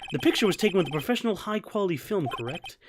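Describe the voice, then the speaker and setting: A man's voice: high-pitched, expressive, rapid-fire, noisy background. A man voicing an earnest young male defense lawyer, reading his lines with pressing, confrontational questions.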